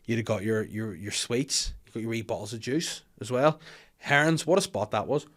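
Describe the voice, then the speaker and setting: A man's voice: medium pitch, normal speed, a bit bright. A young man with a Northern Irish accent hosting a comedy podcast, rambling and jokey with crude asides. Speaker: podcast host. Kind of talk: casual comedic chat.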